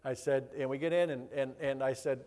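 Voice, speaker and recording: A man's voice: mid-range voice, a little fast. A middle-aged man, a pastor, telling a personal story in a rambling way with many restarts and acting out the voices of the people in it. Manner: animated, acts out other people's voices. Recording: long hall reverb.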